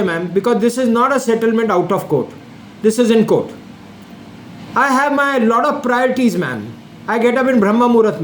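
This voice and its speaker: Insistent older Indian man, high lively voice. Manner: insistent, repetitive, addresses the listener formally over and over. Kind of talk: direct-to-camera monologue. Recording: echoey room with faint air-conditioning hum.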